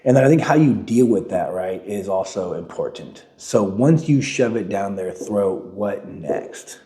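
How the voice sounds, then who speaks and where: Low-voiced reflective young podcast man. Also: animated, measured pace, dark tone, roomy sound. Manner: reflective, filler-heavy conversational talk. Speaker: podcast co-host. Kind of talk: casual podcast chat.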